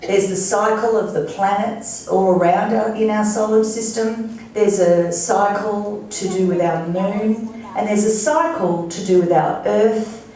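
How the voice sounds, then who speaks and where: A woman guest speaker gives a motivational speech at a fundraising breakfast, chatty and playful, throwing rhetorical questions to the crowd. Her mid-range voice is mellow, steady in tone and measured in pace. She's picked up from a distance in a large, very echoey function room with an audience.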